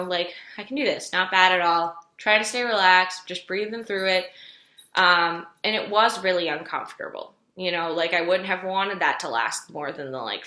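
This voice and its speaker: A woman's voice: fairly low pitch, bright, forceful tone. A young woman late in pregnancy, telling her story in a chatty vlog with lots of "like" fillers. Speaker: vlogger. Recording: echoey room.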